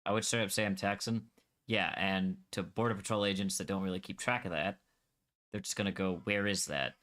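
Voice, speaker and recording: Animated Scottish man, bright edgy voice. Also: low voice, fairly quick. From Scotland. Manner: animated, argumentative, swears freely. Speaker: Minecraft server streamer. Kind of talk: casual gaming chat.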